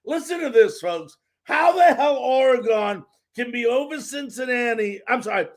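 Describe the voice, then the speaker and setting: A man with a strikingly high voice hosts a live sports talk show. He talks in a fired-up, ranting way and repeats words to drive his points home. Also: expressive, normal speed.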